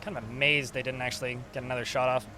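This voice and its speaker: A man's voice: medium pitch, little pitch movement, fast talker, bright, forceful tone. A man casually commentating a strategy game while streaming, chatty and swearing now and then. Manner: chatty, swearing, talks to chat.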